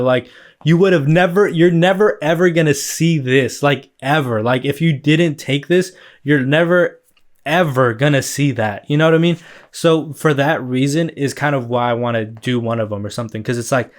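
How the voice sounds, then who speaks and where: Male podcast host, mid-range voice, loose rambling delivery with plenty of filler words and swearing. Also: medium pitch. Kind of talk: casual solo podcast chat.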